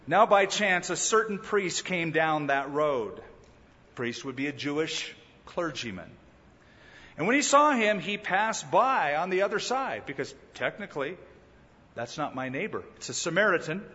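A male pastor delivers a sermon with a fairly high, very lively voice that swoops up and down as he acts out the people he quotes. The sound is somewhat dull, with a long reverb trailing off in a hall. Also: normal speed. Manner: animated preaching that acts out quoted speakers.

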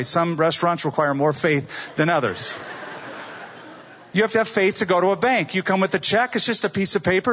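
A man's voice: a little high, a bit bright, breathy edge, lo-fi sound. A middle-aged male pastor preaching a sermon, telling stories and acting out the quotes of the people in them. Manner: storytelling with acted-out quotes.

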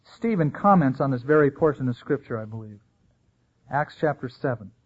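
A man preaching a sermon as pastor, lively and storytelling, acting out the people he quotes. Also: mid-range voice, normal speed, breathy edge. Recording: tinny phone-like sound.

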